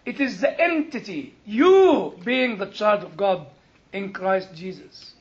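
High-voiced man preaching slowly. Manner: animated, humorous storytelling with quoted exchanges. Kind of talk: sermon. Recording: dull lo-fi recording.

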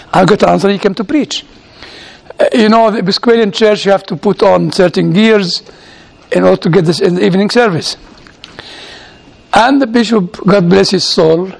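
Man, high-pitched, gravelly edge, humorous storytelling talk, acts out quoted dialogue. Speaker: theology lecturer and chaplain.

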